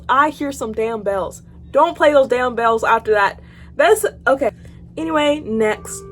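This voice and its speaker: Teen girl vlogger, high voice, theatrical and foul-mouthed, loud yelps to low mutters. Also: a little slow. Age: teens. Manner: dramatic, swings from loud outbursts to quiet mutters; casual, swears freely. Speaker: YouTuber. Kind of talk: reacting to horror stories.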